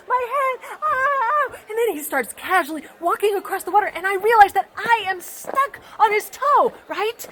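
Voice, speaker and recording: A woman's voice: very high voice, background noise. A woman playing a chatty female water droplet in a comic children's sermon skit, telling her story with gushing drama.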